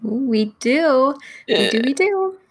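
Dry-humored woman co-host, somewhat high. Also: expressive, slow pace. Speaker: podcast co-host. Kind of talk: casual chat.

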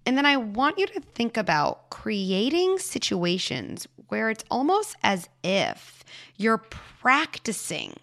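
A woman hosting a show and giving parenting advice to a caller, explaining patiently and dropping into soft hushed asides. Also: mid-range voice. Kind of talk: advice talk answering a caller.

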